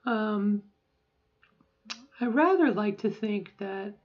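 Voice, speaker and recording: A woman's voice: medium pitch, animated, takes it slowly, lo-fi sound. A middle-aged woman talking casually in a voice-training vlog, rambling and often checking in with "okay?". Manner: rambling, keeps adding "okay?". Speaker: vlogger.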